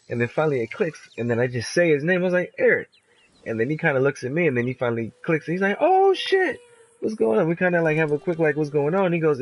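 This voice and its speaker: A young man casually telling a story while playing a game, animated and profane, full of filler words. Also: mid-range voice, husky, low-quality recording. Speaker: streamer.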